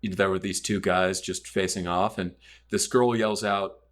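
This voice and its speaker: A man's voice: deep voice, steady tone, moderate pace. A man casually telling a long personal story on a podcast, loose and rambling with plenty of fillers. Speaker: podcast guest.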